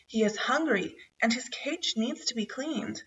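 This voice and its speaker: A woman voicing a calm, gentle, kind aunt who speaks evenly. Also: on the high side, unhurried, far from the mic, muffled recording.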